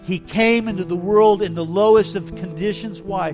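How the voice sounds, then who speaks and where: A man with a high voice preaches a sermon, moving from soft, drawn-out reflection to loud, emphatic bursts. A faint guitar plays under his words. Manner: dramatic, swings from hushed to loud and emphatic.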